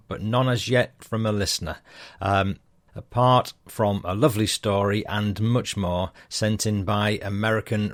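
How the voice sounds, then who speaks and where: A middle-aged man hosts a podcast and reads out listener messages in a relaxed, chatty manner. His voice sits low. The recording is dry and close, with no room sound. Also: dry recording. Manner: easygoing, chatty, self-deprecating. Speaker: podcast host. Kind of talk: reading listener messages aloud.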